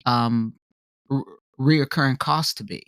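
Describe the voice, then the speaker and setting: A man co-hosting a podcast in casual talk, animated and filler-heavy, tagging his points with "right?". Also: medium pitch, slow pace, no room sound, studio quality. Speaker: podcast co-host.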